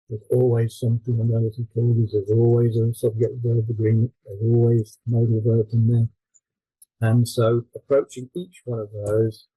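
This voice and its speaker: A man presenting his textbook at a conference, explaining with fillers and quick self-corrections. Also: on the low side, dark tone, slightly rough, no echo, rough recording.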